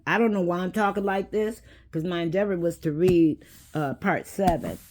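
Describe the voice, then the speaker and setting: A woman, hosting a casual talk and speaking in an unhurried, preachy way that addresses viewers directly. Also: fairly low pitch, darkish tone. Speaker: host.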